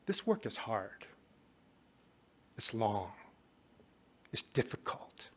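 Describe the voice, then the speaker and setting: A man telling a personal story during a conference talk, in a conversational way that often drops to a soft, confiding tone. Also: on the low side, big pitch swings, takes it slowly, husky. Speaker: conference speaker. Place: conference hall.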